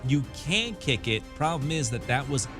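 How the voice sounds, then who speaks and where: A man's voice: medium pitch, very animated, normal speed. A young man co-hosting a sports talk radio show, laid-back and wry, often laughing, with music behind. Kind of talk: casual sports chat.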